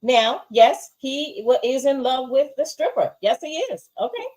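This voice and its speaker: A woman's voice: high-pitched, measured pace, a little mellow, poor audio. A woman co-hosting a casual TV review, giving emphatic opinions and often asking "right?". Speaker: show co-host.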